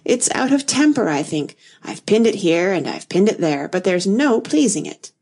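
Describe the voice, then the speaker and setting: A woman's voice: mid-range voice, very animated, normal speed, darkish tone. A woman voicing a flustered, untidy queen who talks in a vague, wistful way. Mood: fussy. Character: flustered untidy White Queen, muddled and plaintive.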